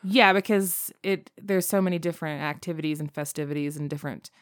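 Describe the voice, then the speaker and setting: A woman's voice: low-pitched, fast. A woman from the States, co-hosting a podcast in casual, teasing chat. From Southern United States. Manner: chatty, laughs often, teasing. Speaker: podcast co-host.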